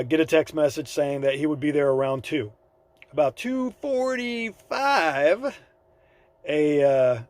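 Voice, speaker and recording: A man with a slightly higher voice tells a story in a relaxed, rambling way, full of fillers and quoted dialogue. The sound is dry and close, with little room echo. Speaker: vlogger. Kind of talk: casual storytelling to camera. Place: by his van on the side of the road.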